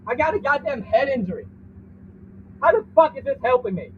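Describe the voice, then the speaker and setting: A man's voice, pitched extremely high with lively intonation and a slightly fast pace, comes from the back of a vehicle where he sits handcuffed under arrest. He swears and argues indignantly, repeating himself in a heated confrontation. The recording sounds distant and phone-like, with faint noise.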